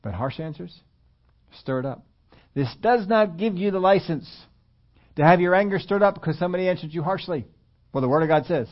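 Man, sermon, conversational preaching, emphatic, raised pitch, dull lo-fi sound. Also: animated, a little fast. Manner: conversational preaching, rising loud and emphatic at climaxes. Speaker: pastor.

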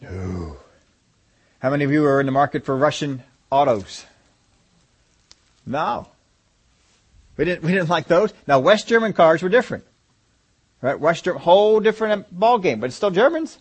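A man's voice: a little high, expressive, normal speed, pauses often, slightly rough. A man preaching a sermon, asking the congregation rhetorical questions and driving his points home with emphasis.

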